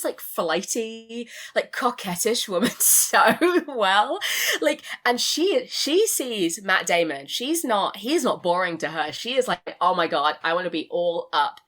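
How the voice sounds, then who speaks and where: Animated woman chatting about films. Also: on the high side. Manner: animated, acts out characters in quoted voices, laughs often. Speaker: guest. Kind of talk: casual film discussion.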